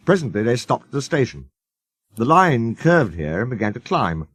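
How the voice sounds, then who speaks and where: A man's voice: mid-range voice, slightly rough, no room sound. A man reading a children's storybook aloud as narrator, doing the characters' voices. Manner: slow, lively intonation.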